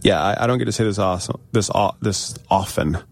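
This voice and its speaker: A man's voice: deep voice, fairly quick, gravelly, no room sound. A man co-hosting a podcast, telling stories in casual, enthusiastic chat. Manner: enthusiastic storyteller. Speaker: podcast co-host.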